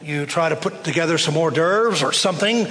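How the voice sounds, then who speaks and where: A man preaching a sermon, telling the story in a slow, conversational way. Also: fairly high pitch, fairly bright tone, in a large hall.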